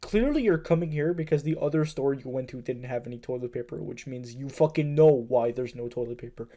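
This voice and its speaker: A man co-hosting a casual podcast, telling work stories with quick laughs, swearing, and acted-out dialogue. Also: mid-range voice, mellow. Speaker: podcast co-host. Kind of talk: casual chat.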